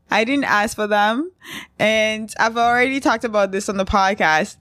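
A woman's voice: mid-range voice, a little slow, fairly bright tone, no room sound, studio quality. A woman hosting a casual solo podcast, talking bluntly and with outrage, often breaking into laughter. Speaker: podcast host.

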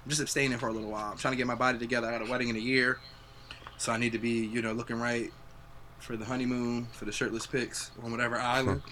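A man's voice: medium pitch, little pitch movement, fast, bright, forceful tone, a little hiss or hum. A young adult man hosting a podcast, chatting casually and reflectively, swearing freely. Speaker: podcast host. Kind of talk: casual chat.

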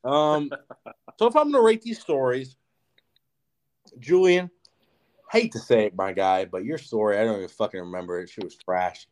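A young man co-hosting a podcast shares a story in relaxed, profane banter crowded with "like," telling it with animation. He speaks at medium pitch and normal speed, leaving long pauses.

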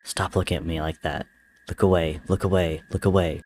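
A man voicing a hollow, guilt-numbed young leader who croaks in a hushed voice. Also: low-pitched, level tone, brisk, a little hiss or hum, close to an everyday voice.

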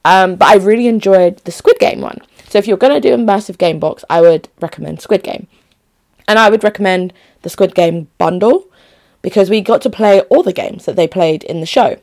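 A woman's voice: mid-range voice, fairly quick, darkish tone. A young adult woman chatting casually to her viewers, emphatic and often restarting her phrases. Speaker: vlogger. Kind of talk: casual talk to camera.

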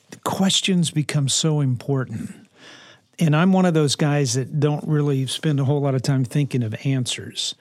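A man giving parenting advice in a reflective, earnest talk, unhurried and touched with dry humor. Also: fairly high pitch, no echo. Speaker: parenting speaker.

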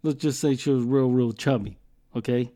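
A man's voice: medium pitch, fairly even intonation, moderate pace, warm tone. A man hosting a podcast, telling rambling jokey stories in a casual, profane way. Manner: profane, rambling, joking storyteller. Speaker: podcast host.

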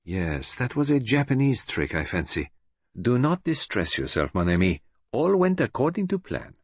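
A man's voice: medium pitch, big pitch swings, breathy edge. Hercule Poirot, a fussy old detective, read by a man. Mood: musing. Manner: gentle, measured, self-assured. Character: fussy, precise older Belgian male detective.

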